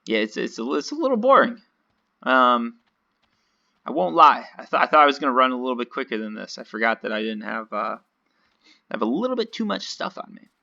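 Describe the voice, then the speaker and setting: Man, casual gameplay commentary, self-mocking, bright tone, dull recording. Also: mid-range voice, big pitch swings, fairly quick, creaky. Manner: chatty, rambling, self-mocking. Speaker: gaming video host.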